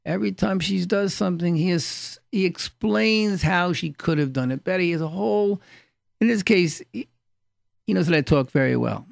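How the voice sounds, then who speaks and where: A man with a heavily gravelly, fry-laden voice gives a relaxed Torah class, weaving in anecdotes and hammering home a refrain by repeating it. His voice sits a little high for a man. The sound is close and completely dry, with no room around it. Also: normal speed, no room sound. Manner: storytelling, repeats key phrases for emphasis. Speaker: rabbi.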